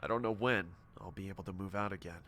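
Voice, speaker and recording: A man narrating a horror story in a steady, dramatic scripted telling. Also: low voice, fast, a little hiss or hum.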